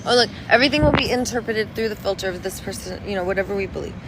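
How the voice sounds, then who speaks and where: A woman's voice: mid-range voice, very fast. A woman giving a rambling, playful monologue outdoors on a city street, now and then breaking into sing-song. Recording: street traffic noise behind. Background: passing cars.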